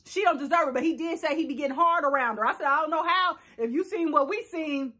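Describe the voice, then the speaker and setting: A young woman, giving a sassy, animated casual recap of a reality show and talking straight to the viewer. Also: high-pitched, fast.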